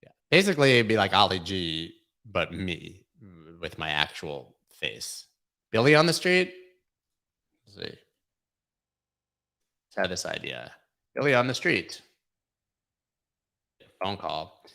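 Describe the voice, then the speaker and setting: A male host talks in a loose, rambling way, with plenty of jokes and filler words. His voice sits fairly low and carries a lot of gravelly fry. The tone is bright and forceful. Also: sing-song, takes it slowly, long pauses. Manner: rambling, joking, heavy use of filler words. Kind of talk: casual livestream chat.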